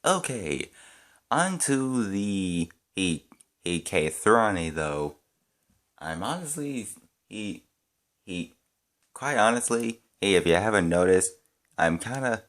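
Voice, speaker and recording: A man giving his casual opinions as a fan reviewer, talking in halting bits full of restarts and fillers, thinking aloud. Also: low-pitched, fairly bright tone.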